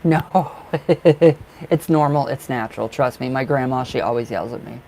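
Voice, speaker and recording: A man giving tarot readings on a live stream in a casual, effusive way, chatting warmly to viewers by name and laughing often. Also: mid-range voice, normal speed, creaky, background noise. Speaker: tarot reader.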